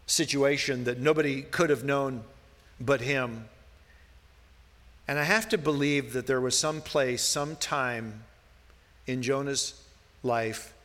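Guy pastor preaching, bright ringing voice, long echo like a big church hall. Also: mid-range voice. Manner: earnest, rising to emphatic questions. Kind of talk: sermon. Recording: long reverb of a large hall.

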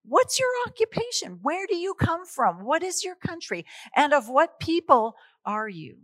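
A woman's voice: high-pitched, big pitch swings, unhurried, a bit bright, no echo, voice pushed up, exaggerated voice. A woman voicing frightened sailors firing questions. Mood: alarmed. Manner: urgent, rising questions. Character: frightened male sailors demanding answers.

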